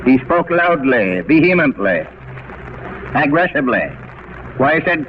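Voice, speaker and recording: A man preaching a sermon in a deliberate, rhetorical manner who repeats words for emphasis. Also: fairly high pitch, very animated. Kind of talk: radio sermon. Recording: dull, faintly hissy old radio recording.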